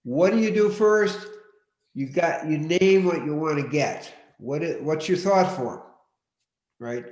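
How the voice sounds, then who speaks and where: A man's voice: fairly high pitch, darkish tone. Man teaching in a roomy, echoing space. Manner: deliberate, repeats key points, directive. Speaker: workshop teacher. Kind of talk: live online teaching session. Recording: roomy echo.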